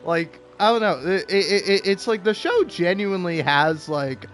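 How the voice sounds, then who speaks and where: Young male gaming host, high voice, rambling comedic commentary, faint music behind. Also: sing-song, normal speed, a bit bright. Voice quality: rambling, full of "like" and restarts.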